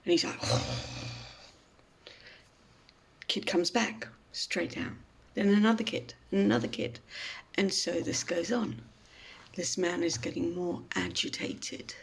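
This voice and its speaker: A woman gives a mindfulness talk in the form of a story. She speaks slowly and gently, with a gravelly, fry-tinged voice. Her delivery is calm and reflective. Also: lowish voice.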